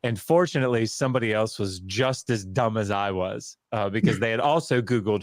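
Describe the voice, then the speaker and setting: A low-pitched man tells a story casually and with energy, slipping into the voices of people he quotes. The sound is dry and close. He mocks himself as he goes. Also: brisk, hardly any pauses, dry recording. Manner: animated, acts out quoted voices, self-mocking. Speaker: guest scholar. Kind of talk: casual storytelling on a video call.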